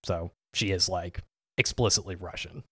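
Low, dry-voiced man chatting casually. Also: normal speed, fairly bright tone, slightly rough, no room sound. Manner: rambling, full of "like" and "um". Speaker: podcast co-host. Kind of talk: casual chat.

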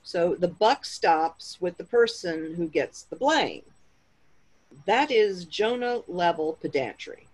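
A woman's voice: fairly low pitch, lively intonation, slow pace, low-quality recording. A woman delivering a comedic monologue in a precise, musing way.

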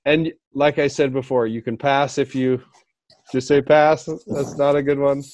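A man's voice: mid-range voice, fairly even intonation, normal speed, darkish tone, highs cut off. A man hosting a podcast in casual chat, asking loose, rambling questions. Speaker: podcast host.

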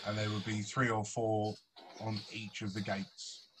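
A man's voice: fairly low pitch, completely flat delivery, unhurried, slight background noise, poor audio. A man running a tabletop role-playing game, narrating loosely and swearing casually. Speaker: game master.

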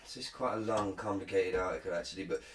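A man's voice: low voice, steady tone, fast, reverberant, slight background noise, rough recording. A man co-hosting a casual podcast, reading a news article aloud and joking and swearing along the way. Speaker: podcast co-host.

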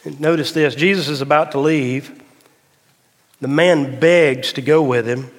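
Man, pastor, sermon, swelling climaxes, slow low emphasis, lingering church echo. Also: steady tone. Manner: folksy, tells a dad joke. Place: church sanctuary. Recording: long hall reverb of a church.

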